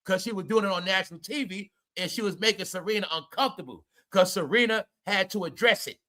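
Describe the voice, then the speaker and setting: A man's voice: sits high, fast talker, bright, forceful tone. A man hosting a commentary video, ranting animatedly at viewers in a profane, conspiratorial way. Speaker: commentary show host.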